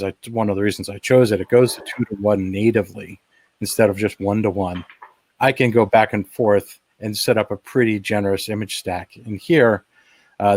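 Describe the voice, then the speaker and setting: A man with a fairly low voice talks through his own demo video during a webinar. He explains eagerly and casually, with plenty of "uh" and restarts. The sound is dry and close, with no room echo. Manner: enthusiastic, explanatory, frequent fillers and restarts. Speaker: webinar presenter. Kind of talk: casual live demo commentary. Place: at home.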